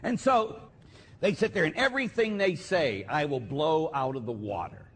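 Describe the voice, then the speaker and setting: A man, a Catholic priest, giving a sermon with lively storytelling and acted-out voices. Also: fairly high pitch, moderate pace, husky. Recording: hall reverb, faint ambience.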